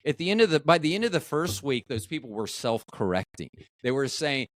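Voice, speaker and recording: A man's voice: mid-range voice, big pitch swings, brisk, dry recording. A man hosting a podcast who asks long questions and tells stories from his past work, acting out quoted lines. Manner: chatty storyteller, acts out quoted lines. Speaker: podcast host. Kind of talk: casual podcast interview.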